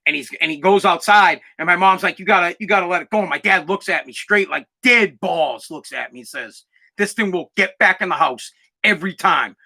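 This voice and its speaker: A man's voice: sits high, brisk, vocal fry, sharp tone, breathy edge. A young man hosting a podcast, telling stories in a brash, profane, emphatic way. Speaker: podcast host. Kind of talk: casual storytelling chat.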